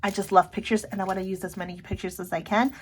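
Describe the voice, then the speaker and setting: A middle-aged woman chatting casually about her planner, excitable, often breaking off to say look. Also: medium pitch, fast talker. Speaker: planner vlogger. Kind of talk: casual show-and-tell chat.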